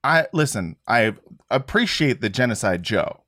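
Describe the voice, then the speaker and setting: A man's voice: medium pitch, a little slow. A man hosting a podcast, chatting casually and jokily about politics, sometimes slipping into mock voices. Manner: animated, jokey, slips into mock voices. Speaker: podcast host. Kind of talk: casual political comedy chat.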